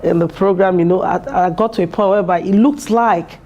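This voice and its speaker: A woman's voice: lowish voice, fairly quick, warm tone, lo-fi sound. A woman in her thirties, a PhD student and mother, speaking in an interview at her university, earnest and heartfelt, with many fillers and restarts. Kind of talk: interview testimonial. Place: university building.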